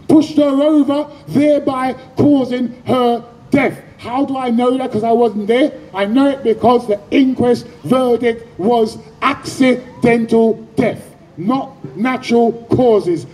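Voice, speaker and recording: An impassioned man, addressing a street protest. His raised voice rides very high yet sounds dark and mellow. He leads the crowd in call-and-response chants. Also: low-quality recording. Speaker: activist speaker. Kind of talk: protest rally speech.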